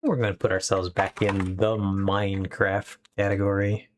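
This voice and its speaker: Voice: low voice, flat delivery, moderate pace, a little hiss or hum. A young adult live streamer chatting casually and rambling with upbeat asides, from a home streaming setup.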